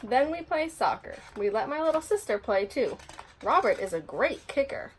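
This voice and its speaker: A woman reading a children's picture book aloud in an expressive storytelling voice. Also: fairly high pitch, normal speed, a little hiss or hum. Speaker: storybook reader.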